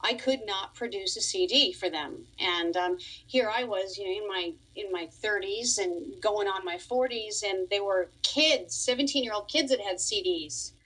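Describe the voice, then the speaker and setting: Talking at a moderate pace with hardly any pauses, a woman in her forties from Long Island, New York sounds medium-pitched, a bit bright, and husky. As a guest on a radio interview, this musician and piano teacher chats easily and laughs often through her story, though the audio is poor.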